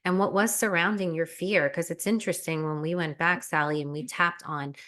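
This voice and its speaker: A woman life coach talking earnestly as an interview guest, animated and full of fillers. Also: lowish voice, a little fast. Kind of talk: casual interview chat.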